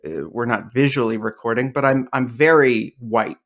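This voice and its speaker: A man's voice: medium pitch, moderate pace, fairly bright tone. A male comedian and playwright guesting on a podcast, telling rambling stories with a dry, joking manner in casual interview chat.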